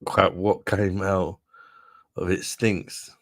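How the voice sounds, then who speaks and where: A man's voice: deep voice, little pitch movement, takes it slowly, no echo, clean studio sound. A man casually chatting on a livestream, swearing freely and calling his viewers mate. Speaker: livestream host reading chat. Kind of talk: casual live chat.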